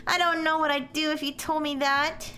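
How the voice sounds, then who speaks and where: A woman's voice: high voice, little pitch movement, normal speed, bright, forceful tone, faint music behind. A woman voicing a shy, tearful young female underclassman who talks in an anxious, clingy way in a visual novel.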